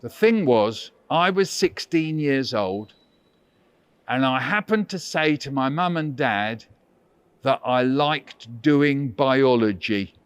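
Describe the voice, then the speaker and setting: Taking it slowly, a man with a smooth, medium-pitched voice and lively intonation leads a school workshop for children over a video call. He tells playful stories and teases them in a theatrical, mock-huffy way, with no room sound.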